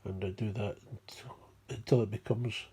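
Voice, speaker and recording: Mumbling Scottish man, gravelly and dark. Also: lowish voice, steady tone, normal speed. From Scotland. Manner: mumbling, digressive. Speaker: recovery speaker. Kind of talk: rambling spoken explanation.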